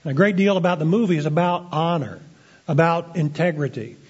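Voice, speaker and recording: A man preaching a sermon as pastor, earnest and deliberate, slowing down to stress key phrases. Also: on the high side, husky. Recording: dull lo-fi sermon recording.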